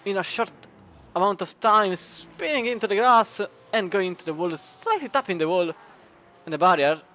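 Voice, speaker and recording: A man's voice: sits high, lively intonation, moderate pace, sharp tone. A man with an Italian accent commenting live on a sim racing endurance event. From Italy. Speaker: race commentator.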